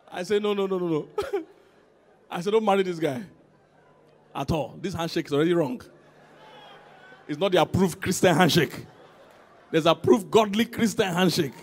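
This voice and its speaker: A man preaching as senior pastor in a church, swinging from loud calls to quiet emphasis and asking the congregation to respond. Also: fairly high pitch. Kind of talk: sermon.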